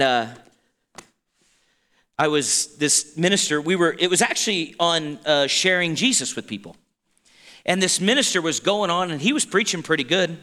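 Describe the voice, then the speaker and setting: A man's voice: a little high, sharp tone, long reverb tail. A man preaching a sermon as pastor, talking in a conversational way that stops and restarts often, with asides to the congregation. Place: church sanctuary.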